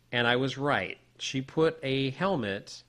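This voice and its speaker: A man co-hosting a podcast, telling a personal story in a casual, animated way with many restarts. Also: mid-range voice. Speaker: podcast co-host.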